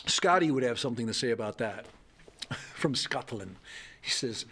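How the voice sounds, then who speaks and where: A man's voice: medium pitch, expressive, moderate pace, pauses often, a bit bright, slightly rough. A middle-aged man hosting a casual livestream, rambling and joking as he reads out viewer comments. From United States. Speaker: livestream host.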